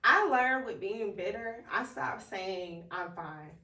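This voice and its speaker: A woman's voice: mid-range voice, expressive, slow, pushed and bright. A woman co-hosting a podcast in casual, emphatic, slangy chat. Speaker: podcast co-host. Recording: roomy, distant from mic.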